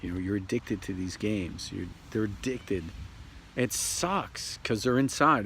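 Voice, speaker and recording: A man giving a rambling, casual spiritual talk outdoors, repeating himself and slipping into quick voices for other people. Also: lowish voice, expressive, a bit bright. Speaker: spiritual video host. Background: outdoor ambience, traffic and birds.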